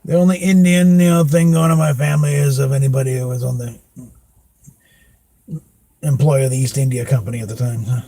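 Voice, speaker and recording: A man's voice: medium pitch, steady tone, a little fast, pauses often, mellow, dry recording. A man, rambling through casual podcast chat, full of fillers and chuckles. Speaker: podcast host.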